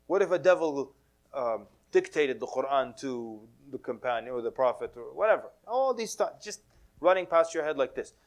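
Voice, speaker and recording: A man's voice: medium pitch, expressive, moderate pace. A man giving a casual sermon to a mosque audience, telling stories with humor, acting out quoted voices and mixing in Arabic religious phrases. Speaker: Islamic preacher.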